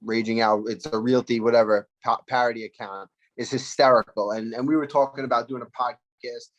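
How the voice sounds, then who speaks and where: A man's voice: medium pitch, steady tone, fairly quick, muffled recording. A man, a fighter answering interview questions in a loose, rambling way, speaking through phone earphones. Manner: rambling, loose, full of fillers and restarts. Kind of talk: casual interview over video call.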